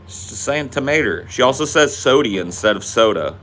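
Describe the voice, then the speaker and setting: A man's voice: mid-range voice, expressive, a little fast, fairly bright tone. A man from the United States co-hosting a podcast, trading casual banter and ranting in a profane, teasing way. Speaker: podcast co-host.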